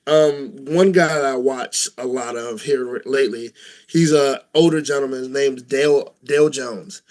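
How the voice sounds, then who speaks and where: A man's voice: mid-range voice, normal speed, a little mellow. Chatty, rambling male podcast co-host. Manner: rambling, chatty, laughs easily. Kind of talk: casual wrestling podcast chat.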